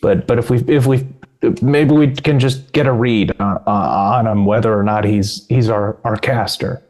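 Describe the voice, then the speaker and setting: A man's voice: lowish voice, fairly even intonation, normal speed, darkish tone. Hesitant male player. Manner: hesitant, many fillers. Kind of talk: tabletop game play.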